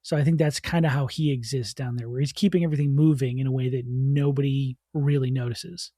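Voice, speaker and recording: Easygoing man with a mellow voice. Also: medium pitch, fairly even intonation, a little fast, dry recording, clean studio sound. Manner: easygoing, laughs between thoughts. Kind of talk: casual brainstorming chat.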